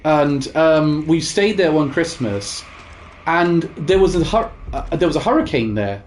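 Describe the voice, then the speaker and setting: A man's voice: fairly high pitch, lively intonation, unhurried, a little hiss or hum. A young man chatting casually while gaming, telling rambling stories with many fillers and restarts. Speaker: gaming co-host.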